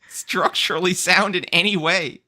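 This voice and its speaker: A man hosting a podcast, telling stories in a casual, animated, ranting way. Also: high voice, unhurried. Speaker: podcast host. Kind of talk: casual chat.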